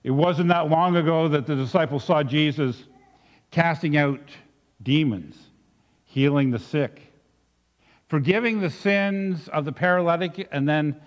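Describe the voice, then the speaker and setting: A male pastor preaching a sermon in a reflective way, dropping soft and then rising with emphasis. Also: on the high side, a little slow. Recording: dull recording with long reverb.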